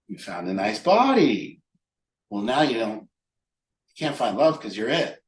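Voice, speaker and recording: A man's voice: medium pitch, very animated, unhurried. A man leading a recovery group talk, speaking emphatically and rhetorically. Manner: emphatic, rhetorical, acts out imagined voices. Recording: echoey room.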